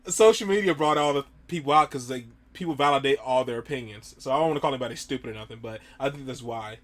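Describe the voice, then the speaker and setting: A man's voice: medium pitch, fast talker, fairly bright tone, a little hiss or hum. A man giving easygoing, casual commentary as a reaction video host. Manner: easygoing, hedging.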